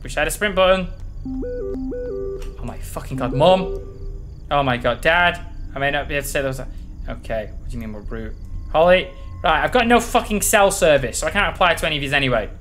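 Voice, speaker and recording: A man's voice: fairly high pitch, expressive, brisk, pauses often, fairly bright tone, soft background music. A man giving panicky, profanity-filled commentary while playing a horror game. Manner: jumpy, swears a lot, panicky reactions. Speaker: gaming channel host.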